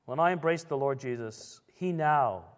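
A man's voice: mid-range voice, animated, normal speed, big-room sound. A man preaching a sermon, telling church history in a conversational, digressive way and correcting himself as he goes.

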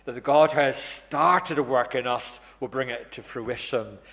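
A man preaching a sermon in an earnest, measured way, slowing down to stress key words. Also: mid-range voice, gravelly, a bit bright. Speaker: pastor. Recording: long reverb in a church hall.

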